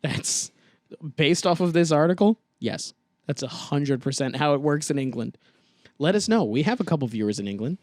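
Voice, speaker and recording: A young man co-hosting a casual podcast, joking around while reading news out loud. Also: on the high side, lively intonation, normal speed, no echo, studio quality. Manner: joking, reads news aloud with asides. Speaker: podcast co-host. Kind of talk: casual chat.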